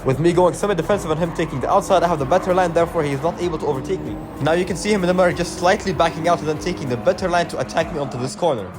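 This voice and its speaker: A man's voice: on the high side, rapid-fire, few pauses. A man giving a matter-of-fact voice-over that explains his sim race. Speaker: sim racing channel host. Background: background music.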